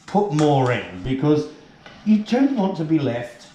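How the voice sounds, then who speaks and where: A man's voice: a little high, wildly swooping pitch, a little slow, warm tone, echoey room, slight background noise. A man playing a posh, tipsy middle-aged British lady who hosts a cooking show, plummy and chatty, calling everyone darling.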